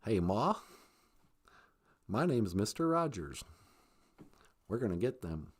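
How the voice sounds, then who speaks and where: A woman doing a very low, hushed, creepy impression of a gentle older male children's TV host. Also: sing-song, breathy edge, heavily acted. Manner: slow, creepy sing-song gentleness.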